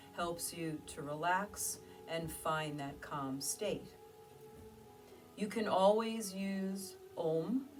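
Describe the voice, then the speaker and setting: A woman teaching meditation, guiding her listeners through breathing with gentle, slow instructions and soft pauses. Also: on the low side. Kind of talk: guided meditation. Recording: distant mic with music behind. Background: soft music.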